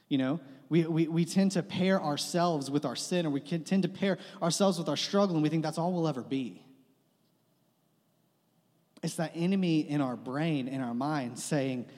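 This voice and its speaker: Preaching casually in a church sanctuary, a young male pastor jokes at his own expense and circles back to the same phrases. His voice leans high and a touch mellow at an ordinary pace, and the hall gives it a long reverb.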